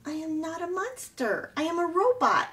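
A woman's voice: extremely high pitch, big pitch swings, moderate pace, a bit bright, recorded from a distance, pitched above the performer's own voice, exaggerated voice. Woman doing Roz, a polite formal robot. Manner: formal, friendly. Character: polite calm female robot.

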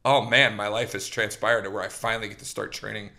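A man hosting a podcast, telling a long, rambling story in an animated, casual way, with restarts and quoted lines. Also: lowish voice, quick pace, gravelly. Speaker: host.

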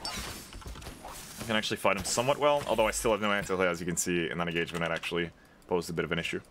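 A man streaming a video game, giving chatty, excitable commentary and swearing freely as he plays. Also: deep voice, fast talker, slight background noise. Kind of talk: casual gameplay commentary.

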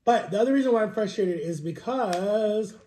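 This young adult vlogger has a high-pitched, expressive voice with a dark tone and a moderate pace, recorded in a roomy space. Sick with a cold, he eats on camera in a casual mukbang chat, venting in a rambling, frustrated way.

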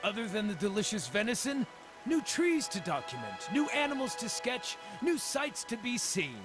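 Guy reading lines as a chill wandering druid dude, highish lively voice, faint game music under it. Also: normal speed. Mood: friendly. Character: friendly young male druid wanderer, easygoing.

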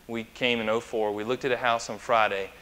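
A man's voice: medium pitch, flat delivery, fairly quick, a bit bright. A male pastor preaching a conversational sermon, chatty and anecdotal, who asks the congregation questions. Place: church sanctuary. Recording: long church reverb.

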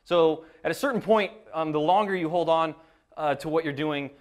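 A man's voice: on the high side, moderate pace. A young man, a creative professional, casually explaining an idea with lots of ums and loose asides. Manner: loose and rambling, frequent ums.

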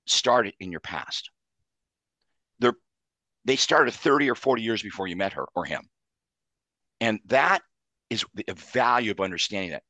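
Earnest therapist type, deep-ish voice, dry studio sound, walks through ideas in lists. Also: male voice, pushed and bright, no echo. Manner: earnest, explains in numbered lists. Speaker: psychologist and author. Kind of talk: interview answers.

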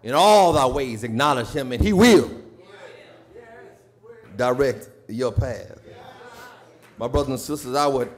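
A man with a Southern US accent preaching a sermon, moving from quiet storytelling to shouted, sung preaching. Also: mid-range voice, animated, measured pace, pauses often. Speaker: pastor. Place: church sanctuary. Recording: live church stream with organ and congregation.

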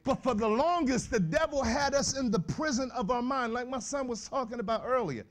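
Male preacher, high voice, animated church sermon. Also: brisk, soft background music. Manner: animated, shouting bursts, laughing asides, slangy. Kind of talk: lively sermon to youth.

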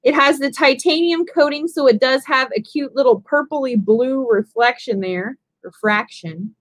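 A woman's voice: sits high, normal speed, a bit bright, no room sound, low-quality recording. A woman hosting a live jewelry auction stream, chatting casually as she describes each piece.

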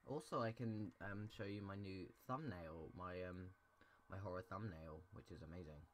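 Jumpy gamer, lowish voice. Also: male voice, normal speed, a little hiss or hum. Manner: jumpy, keeps repeating he is scared, voice jumps high when startled. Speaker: gaming channel host. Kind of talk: horror game commentary. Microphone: desk microphone.

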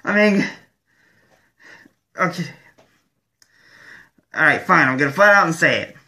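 A man from Michigan hosts his own show in an angry, profane rant. His voice is forceful and bright, a little higher than most men's. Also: expressive, unhurried. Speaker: show host. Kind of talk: ranting vlog monologue.

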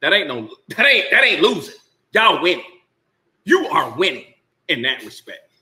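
Animated, bright-voiced sports talk man. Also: fairly high pitch, moderate pace. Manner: emphatic, sarcastic, laughing asides. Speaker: sports commentary host. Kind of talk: casual sports talk rant.

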